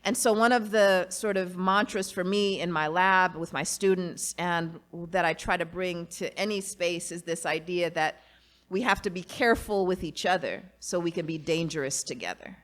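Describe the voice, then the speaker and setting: A woman's voice: fairly low pitch, normal speed, a bit bright. A woman guest speaking earnestly and reflectively in a conversation, often adding "you know" and "right". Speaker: guest, academic and author. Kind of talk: casual conversation.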